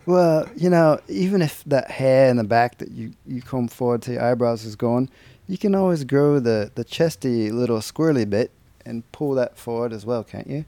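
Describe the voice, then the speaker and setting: A man hosting a podcast with a gravelly edge to his voice, easygoing and teasing as he asks questions. His pitch sits in a middle range. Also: moderate pace, warm tone. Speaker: podcast host. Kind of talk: casual podcast chat.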